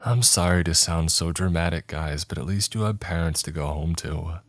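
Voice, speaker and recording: Frail ill teen boy, theatrical, low voice, as a man reads him, storybook. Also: moderate pace. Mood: bitter. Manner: theatrical, then cold. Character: frail sick teenage boy, joking then bitter.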